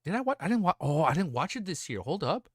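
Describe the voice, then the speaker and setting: A young man hosting a livestream, chatting casually and excitedly about anime, rambling, swearing freely and restarting his sentences. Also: fairly high pitch, fast talker. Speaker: livestream host. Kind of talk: casual stream chat.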